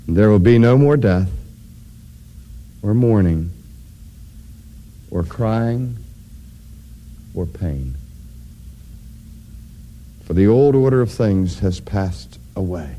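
A man preaching a sermon, addressing his congregation directly and building to loud, emphatic climaxes. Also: lowish voice, lively intonation, takes it slowly, pauses often. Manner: addresses audience directly with questions.

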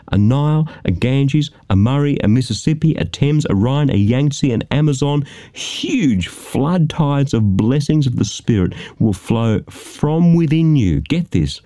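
Male studio preacher with a warm, mellow tone and an emphatic sermon delivery. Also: medium pitch. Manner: emphatic preaching, rhetorical questions.

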